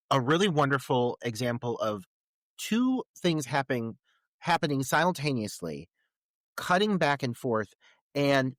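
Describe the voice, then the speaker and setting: A man's voice: medium pitch, fairly bright tone, no echo. Eager man breaking down a film. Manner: enthusiastic, analytical. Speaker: podcast co-host. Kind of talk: casual film discussion.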